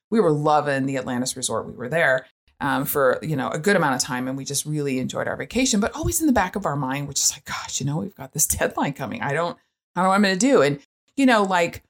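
A woman sharing a parenting story in a casual monologue, chatty and animated, full of fillers and asides. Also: sits low. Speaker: parent sharing experience with autism.

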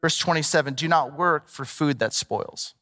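A middle-aged male pastor preaching a sermon in a lively, conversational way with playful asides. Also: on the high side, normal speed. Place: large church hall. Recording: long reverb of a large hall.

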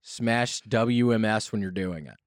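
A man's voice: fairly low pitch, measured pace, no room sound, studio quality. A man hosting a casual talk show, playful and drawing out words for emphasis. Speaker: host. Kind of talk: casual chat.

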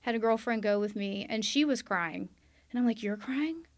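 A woman's voice: medium pitch, steady tone, normal speed. A woman sharing a candid personal testimony on a podcast, earnest and quoting her past self aloud. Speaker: guest sharing her story.

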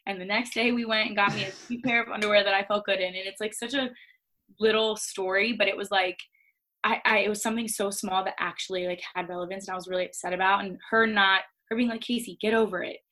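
A woman's voice: medium pitch, fast, poor audio. A young woman speaking as a podcast guest, talking openly and animatedly and using "like" a lot. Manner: candid, animated, lots of "like". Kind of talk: casual conversation.

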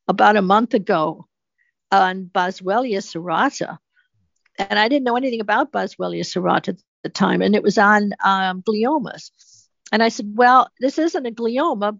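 An older woman, a guest researcher, tells her story in an interview answer, animated and emphatic, acting out the quotes. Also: mid-range voice, gravelly, dry recording. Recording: dull, dry, slightly muffled sound.

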